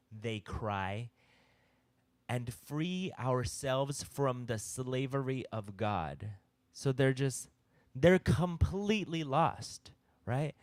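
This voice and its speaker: A man's voice: mid-range voice, slow, darkish tone, dry recording. A man leading a casual youth-group Bible discussion, teaching conversationally and checking in with "all right?".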